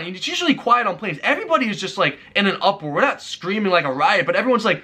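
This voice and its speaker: A young man telling a vlog story as an exasperated rant that climbs to frantic highs. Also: big pitch swings, quick pace, hardly any pauses, bright, forceful tone, slightly rough. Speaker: YouTuber.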